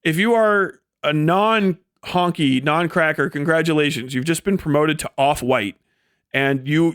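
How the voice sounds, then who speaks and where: A man's voice: fairly high pitch, fairly bright tone, no echo, studio quality. Heated, profane male streamer ranting. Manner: mimics others in a sneering voice. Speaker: live streamer. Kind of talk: angry political rant on a livestream.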